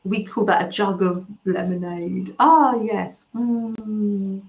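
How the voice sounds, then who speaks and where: Casting: unhurried woman, soft murmuring crafter's voice, roomy and slightly muffled home recording. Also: medium pitch, steady tone. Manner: soft-spoken, murmurs "mm" often, trails off mid-sentence. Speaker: craft live-stream host reading chat. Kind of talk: slow, gentle chat while crafting.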